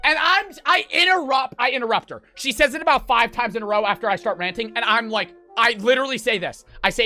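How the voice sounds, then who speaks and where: A man's voice: very high voice, animated, quick pace, hardly any pauses, pushed and bright, soft background music. A young man streamer telling a story in a profane, fired-up rant.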